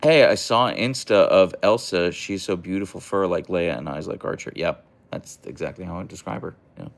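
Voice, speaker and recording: A man's voice: low voice, normal speed, vocal fry. A young man hosting a casual livestream, reading chat aloud and answering in a rambling, hesitant way with many fillers and restarts.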